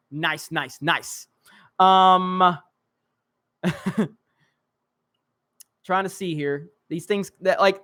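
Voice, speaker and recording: A young man with a Southern US accent hosting a casual live stream, rushing through chat comments with joking, self-mocking asides. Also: sits high, a bit bright.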